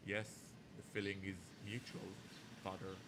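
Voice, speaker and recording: A man voicing a dry, low-voiced young rival. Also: completely flat delivery, moderate pace, heavy background noise. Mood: cool.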